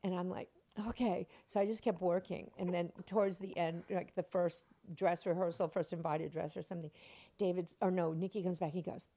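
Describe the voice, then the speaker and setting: A woman's voice: lowish voice, a little fast. An older woman, a stage actress being interviewed, telling stories with lots of expression and frequent laughter. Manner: expressive, laughing often, acts out quotes. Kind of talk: animated anecdotal storytelling.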